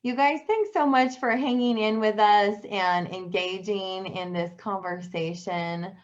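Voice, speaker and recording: A woman's voice: mid-range voice, fairly even intonation, a little slow. A woman hosting a live stream who laughs often and reads out viewer comments. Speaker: host. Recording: slightly dull lo-fi sound.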